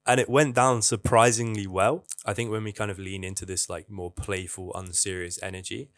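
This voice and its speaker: Blunt young man, low voice. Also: flat delivery, normal speed, fairly bright tone. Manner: candid, blunt, swears casually. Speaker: vlogger. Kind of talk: casual advice monologue.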